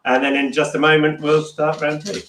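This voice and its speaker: A man hosting a casual home quiz livestream, talking loudly and reading song lyrics aloud with a laugh. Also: a little high, level tone, brisk, reverberant. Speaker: quiz host.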